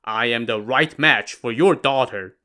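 A man voicing a drunk, boastful male bandit chieftain with a loud, cocky, jovial manner. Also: mid-range voice, unhurried.

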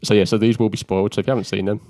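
A man's voice: lowish voice, level tone, racing, mellow, no echo. A man co-hosting a podcast in casual chat, laughing often and poking fun at himself, a bit coughy from an allergy. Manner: laughs often, self-mocking banter. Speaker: podcast co-host. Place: living room. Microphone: podcast mic.

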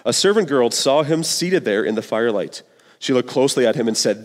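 A man delivers a sermon in a relaxed, earnest, conversational style, dropping casual slang as he goes. His voice sits at a middling pitch and is carried by a long hall reverb. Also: brisk. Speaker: pastor.

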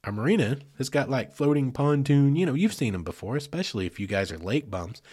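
A man tells a story on his podcast. His husky voice swoops up and down in a lively way. He talks in a folksy style and acts out people hollering back and forth. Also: mid-range voice, a little fast. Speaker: podcast host, search and rescue team member.

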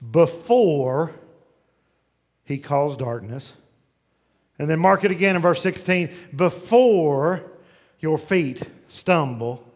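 A man preaching a sermon, swinging from shouted pleas to hushed intensity and reading scripture aloud in old-fashioned phrasing. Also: on the high side. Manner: reads scripture aloud in King James phrasing.

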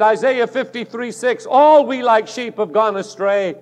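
A male pastor delivers a sermon in a notably high voice, declaiming each point with emphatic force. His words ring out with a long reverb, as if recorded in a large church sanctuary. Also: fairly even intonation, a little slow, few pauses.

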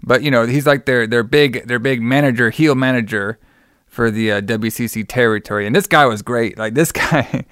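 A male podcast co-host in casual chat, telling stories with animated energy and swearing freely. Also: mid-range voice, normal speed, clean tone, no echo, clean studio sound.

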